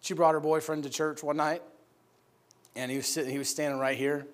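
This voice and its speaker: A man preaching in a church, telling his personal story in an animated, laughing storytelling manner. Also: on the high side, brisk. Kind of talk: sermon testimony.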